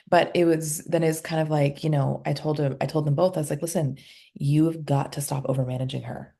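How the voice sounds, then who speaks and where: A woman with a low, warm voice and a gravelly, slightly husky edge appears as a podcast guest, a somatic healer recalling a couples session. Her delivery is flat and a little fast as she conversationally recounts it, acting out the dialogue of the people involved.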